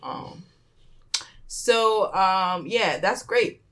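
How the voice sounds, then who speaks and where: A woman co-hosting a casual political chat, animated, swearing freely and mimicking other people's voices. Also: mid-range voice, very slow. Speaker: podcast co-host.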